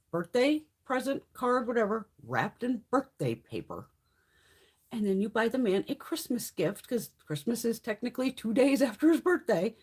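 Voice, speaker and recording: A woman's voice: medium pitch, a little mellow, husky. A woman hosting a casual live-stream chat, brash and profane, telling stories with frequent laughs. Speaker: livestream host.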